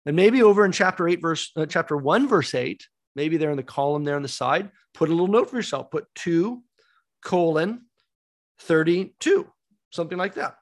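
A man's voice: fairly high pitch, expressive, normal speed. A man teaching a Bible study class, emphatic, asking rhetorical questions and repeating key words.

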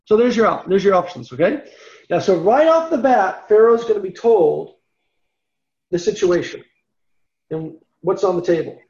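A man leads a verse-by-verse Bible lesson in an animated, conversational way, often breaking off into asides and correcting himself. His voice sits high with a gravelly fry. The sound is roomy and echoey on a dull, lo-fi recording. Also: moderate pace, long pauses. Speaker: Bible teacher.

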